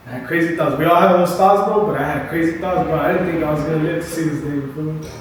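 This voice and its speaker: A young man with a slightly higher voice recounts his story in a relaxed, slangy barbershop chat, swearing freely and tagging "bro" onto his sentences. He sits back from the mic in a very echoey room with faint noise behind him. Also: fast, far from the mic. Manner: loose, swearing, says "bro" constantly. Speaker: barber and podcast co-host.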